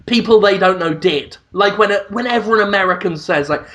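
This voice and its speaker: A man's voice: high-pitched, fairly bright tone. A man co-hosting a podcast in casual comedic chat, profane and mocking. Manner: profane, mocking, quick to joke. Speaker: podcast co-host.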